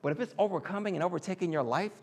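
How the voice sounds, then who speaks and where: A man giving an animated sermon, acting out quoted voices and joking with the listeners. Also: high voice, very fast. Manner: animated, acts out quoted voices and jokes with the crowd. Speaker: speaker in a church teaching series.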